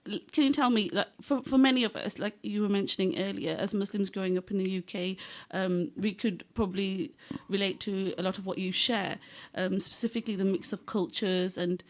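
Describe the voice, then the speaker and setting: A woman hosting a community radio show, asking measured interview questions. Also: mid-range voice, fairly even intonation. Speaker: radio host. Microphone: radio studio microphone.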